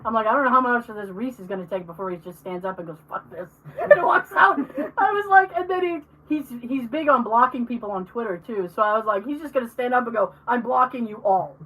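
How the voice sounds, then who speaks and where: A woman co-hosting a podcast in casual chat, telling animated stories, acting out the people she quotes and swearing freely. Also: fairly high pitch, quick pace, hardly any pauses, recorded from a distance, low-quality recording. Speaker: podcast co-host.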